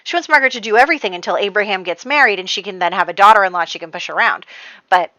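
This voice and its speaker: Chatty, animated woman narrating a game. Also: mid-range voice, very fast, no echo, rough recording. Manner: chatty, animated, often laughing. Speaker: gameplay narrator. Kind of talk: casual game commentary voice-over.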